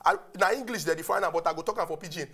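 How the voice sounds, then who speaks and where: Insistent Nigerian man, high-pitched. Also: racing, a bit bright, husky. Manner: insistent, keeps cutting in to hold the floor. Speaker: TV show host. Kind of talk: heated debate in Nigerian Pidgin.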